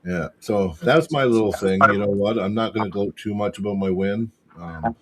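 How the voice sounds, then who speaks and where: A man telling a match story as a podcast guest, excitable and swearing constantly. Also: on the low side, moderate pace, slight background noise. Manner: excitable, profanity-heavy retelling. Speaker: podcast guest, arm wrestler. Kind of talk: casual storytelling chat.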